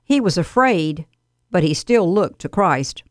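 Woman reading a radio devotional, lowish voice, dry close sound, earnest. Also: a little slow, dry recording. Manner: earnest, steady exhortation.

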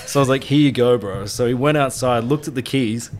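This podcast co-host is a man with a medium-pitched, slightly mellow voice who talks fairly quickly. He rambles through sweary anecdotes and laughs often in a casual storytelling chat.

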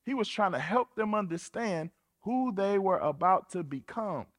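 A man preaching a sermon in an animated, colloquial, playful way. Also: high voice, normal speed. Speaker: pastor.

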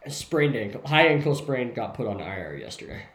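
A man co-hosting a casual sports podcast, relaxed and thinking aloud with lots of hesitations as he weighs his picks. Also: medium pitch, brisk. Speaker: podcast co-host making game picks. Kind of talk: casual sports-betting chat. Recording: echoey room.

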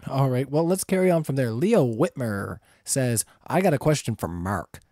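A man moderating a debate, reading out audience questions in a relaxed, easygoing way. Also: medium pitch, normal speed, no echo, studio quality. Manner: relaxed, laughs easily.

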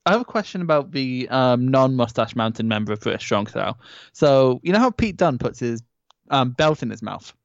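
A man's voice: mid-range voice, expressive, a little fast, dry recording, muffled recording. A man co-hosting a wrestling review podcast, teasing with dry humour in casual chat. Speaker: podcast co-host.

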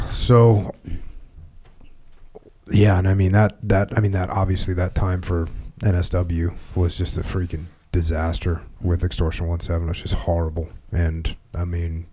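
A man's voice: sits low, flat delivery, a little slow, warm tone. A man hosting a podcast interview, talking in a blunt, terse, casual way with some casual swearing. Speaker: podcast host.

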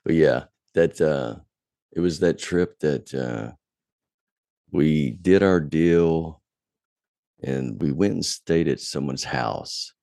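Very deep gravelly man telling a story. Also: takes it slowly, pauses often, no room sound, studio quality. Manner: profane, animated retelling, voice rising when angry. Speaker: podcast guest. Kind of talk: casual storytelling chat.

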